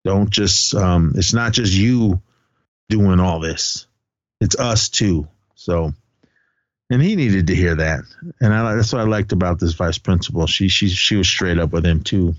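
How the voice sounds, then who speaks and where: Male podcast co-host, low voice, casual film recap, dry lo-fi mic. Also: a little slow, dry recording. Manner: retells scenes loosely, acting out lines, laughs often. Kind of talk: casual movie recap chat.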